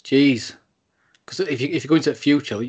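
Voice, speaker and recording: A man's voice: medium pitch, a little mellow, slightly rough, muffled recording. Easygoing man co-hosting a podcast. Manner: easygoing, halting, laughs along. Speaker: podcast co-host. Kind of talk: casual chat. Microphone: Skype call.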